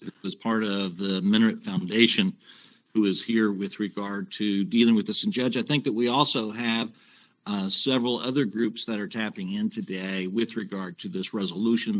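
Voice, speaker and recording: A man with a fairly low voice speaks as a county commissioner at a public meeting. He opens with hesitant, filler-filled remarks, then reads a resolution aloud in a steady, formal manner. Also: poor audio.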